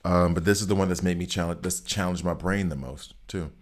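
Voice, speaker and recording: A man's voice: low voice, steady tone, fairly quick. A middle-aged man chatting casually on a game live stream, teasing his chat and reacting to gameplay. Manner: chatty, teasing chat readers, talks to viewers while playing. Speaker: gaming streamer.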